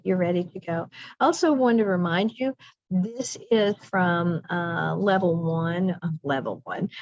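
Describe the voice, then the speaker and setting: A woman's voice: lowish voice, a little mellow, no echo. A middle-aged woman leading a teacher training lesson in a chatty way, repeating phrases for emphasis. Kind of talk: professional development lesson. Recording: dull lo-fi dry sound.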